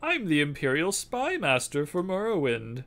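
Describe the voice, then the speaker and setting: A man voicing an older male spymaster, reading game dialogue aloud in a formal, measured way during a livestream. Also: fairly high pitch, wildly swooping pitch, a bit bright, voice pushed up, heavily acted. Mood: formal briefing.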